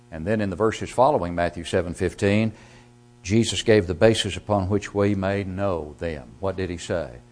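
Male preacher with a lowish voice, explaining scripture and swinging between hushed and loud delivery. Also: moderate pace. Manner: swings from quiet, low passages to loud emphatic rises; reads scripture aloud and explains it. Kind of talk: sermon.

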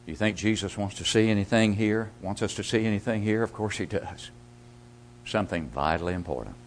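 A man preaching a sermon, asking rhetorical questions and swinging from loud emphasis to hushed asides. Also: lowish voice, a little fast, slight background noise.

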